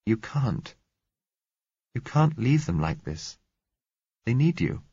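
A man reading an audiobook, voicing a quiet young woman under twenty who pleads softly and a little unsteadily. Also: medium pitch, big pitch swings, slow, vocal fry, slightly rough, dry recording, dull audio, pitched above the performer's own voice, heavily acted. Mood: quiet pleading.

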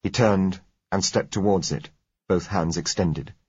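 A man narrating a novel in the first person, measured and understated. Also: sits low, husky, dry recording. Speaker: audiobook narrator. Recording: dull, dry lo-fi recording.

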